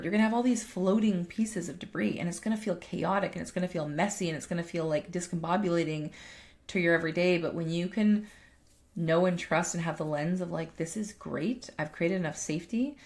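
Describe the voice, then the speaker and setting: A woman's voice: lowish voice, brisk, darkish tone. A woman life coach and podcast co-host chatting casually, emphatic, swearing freely and often restarting her sentences. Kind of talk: casual chat.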